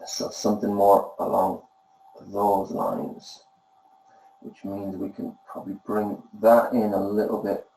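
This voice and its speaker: A man giving gentle, encouraging feedback on student drawings as an art tutor, pausing often with fillers. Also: on the low side, completely flat delivery, gravelly, reverberant, a little hiss or hum, low-quality recording.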